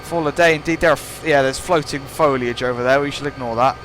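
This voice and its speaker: A man's voice: mid-range voice, fast, a bit bright, a little hiss or hum. A young man giving rambling, playful commentary over gameplay, joking at his own expense. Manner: rambling, playful, self-mocking. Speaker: gaming channel host.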